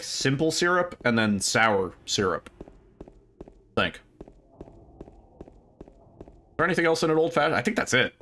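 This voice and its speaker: A man's voice: mid-range voice, fairly bright tone. A young man livestreaming, chatting casually with viewers, rambling with fillers, laughing often and swearing freely.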